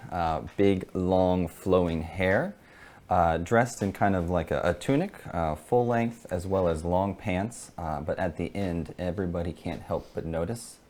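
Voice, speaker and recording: Low-voiced guy playing a tabletop game, laid back, lots of uhs. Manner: relaxed, halting description with fillers. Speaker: player. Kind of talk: describing a character in a tabletop game.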